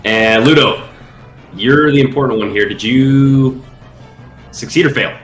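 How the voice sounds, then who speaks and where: A man running a tabletop game over a call, getting over a cold, relaxed and working out the rules aloud. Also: medium pitch, unhurried, roomy sound, soft background music, low-quality recording. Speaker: game master.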